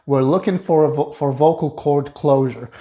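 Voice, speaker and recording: Singing coach guy, voice on the higher side, calm and clear, walks you through the technique step by step. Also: normal speed. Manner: explains calmly, then sings short staccato and fry demonstrations. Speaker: vocal coach. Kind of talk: singing lesson with sung demonstrations.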